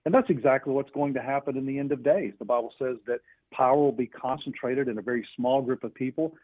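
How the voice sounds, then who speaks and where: An earnest male guest speaks through a tinny phone line, his voice a touch husky. He stumbles through restarts and fillers as he explains his points, and the sound is dry and close. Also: medium pitch, fast, no room sound. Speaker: author guest.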